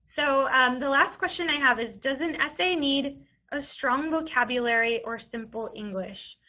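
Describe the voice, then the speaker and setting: A woman's voice: high voice, moderate pace, sharp tone, low-quality recording. A young woman advising students on college essays in a casual, chatty way, full of "like" and restarts. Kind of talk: casual webinar advice.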